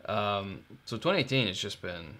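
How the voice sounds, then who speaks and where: A man's voice: fairly low pitch, very animated, normal speed, sharp tone. A man co-hosting a live whiskey stream, talking casually in a laid-back, rambling, jokey way. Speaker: co-host.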